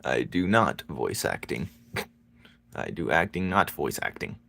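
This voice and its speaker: A young man rambling casually while drawing on a livestream, answering his viewers' chat in a low-key way. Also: sing-song, unhurried, gravelly, pushed and bright. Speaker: streamer drawing and chatting.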